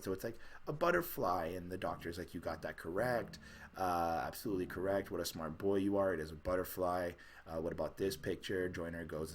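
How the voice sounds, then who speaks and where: A man's voice: on the low side, fairly bright tone, a little hiss or hum. A man casually reviewing an album track by track, rambling with many fillers and restarts. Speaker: podcast co-host reviewing an album.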